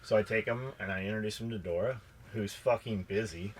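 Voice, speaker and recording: A man's voice: lowish voice, brisk, slight background noise. A man co-hosting a podcast who bluntly tells a workplace story, swearing often and acting out the dialogue. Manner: blunt, profane, acts out dialogue. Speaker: podcast co-host. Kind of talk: casual storytelling chat.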